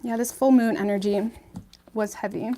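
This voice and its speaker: A woman's voice: on the high side, steady tone, moderate pace, dark tone, slight background noise. A woman giving a casual tarot reading to her viewers, chatty and reassuring, often checking in with "okay?" and "right?". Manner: chatty, reassuring, many ums and okays. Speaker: tarot reader.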